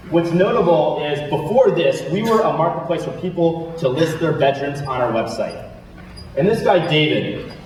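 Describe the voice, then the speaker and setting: A young man on stage, telling his founding story with quick, self-deprecating asides. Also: a little high, a little mellow. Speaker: startup founder giving a talk. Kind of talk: storytelling keynote talk. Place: large lecture hall. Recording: very echoey hall, voice from far off.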